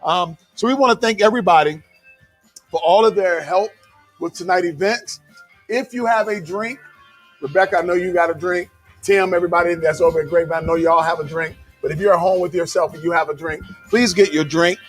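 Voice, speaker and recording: Playful high-voiced man hosting a gala. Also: brisk, soft background music. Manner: playful, sing-song, jokey. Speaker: emcee and comedian. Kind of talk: live gala hosting, raffle announcing.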